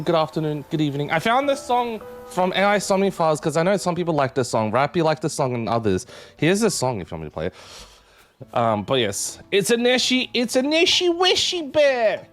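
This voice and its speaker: A man streaming live, chatting casually with his viewers and greeting chat members one by one. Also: a little high. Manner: animated, jumps up into excited yelps.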